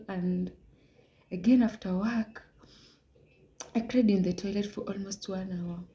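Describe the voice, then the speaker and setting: A young woman giving an earnest personal testimony, often dropping into hushed half-whispers. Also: medium pitch, measured pace, pauses often. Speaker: vlogger sharing a religious message.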